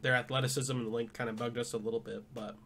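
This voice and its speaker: A man's voice: mid-range voice, level tone, fast talker, fairly bright tone, slight background noise. A young man co-hosting a casual sports podcast, dropping dry jokes and weighing in on games. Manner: dry jokey asides. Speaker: podcast co-host.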